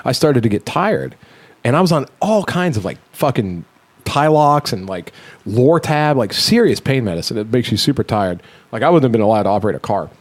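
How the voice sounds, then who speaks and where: A young adult man hosting a podcast, telling an animated, profanity-heavy story in casual chat. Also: medium pitch, a little fast. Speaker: podcast host.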